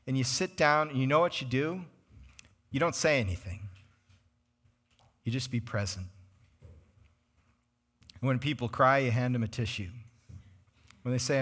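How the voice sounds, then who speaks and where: A man preaching a sermon as a pastor, conversational and animated, speaking to his congregation in a church. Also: medium pitch. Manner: conversational and animated, names congregants, acts out quoted voices. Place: church sanctuary.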